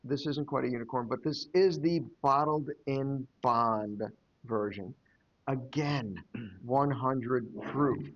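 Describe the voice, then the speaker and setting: A man's voice: mid-range voice, slow, fairly bright tone, muffled recording. A man co-hosting a casual podcast, joking and teasing in banter. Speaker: podcast co-host. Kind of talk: casual chat.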